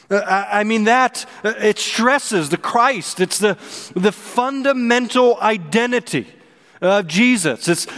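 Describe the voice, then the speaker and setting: Earnest high-voiced man preaching in a hall. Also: a bit bright. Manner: earnest, emphatic, with frequent fillers and restarts. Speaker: pastor. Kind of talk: sermon.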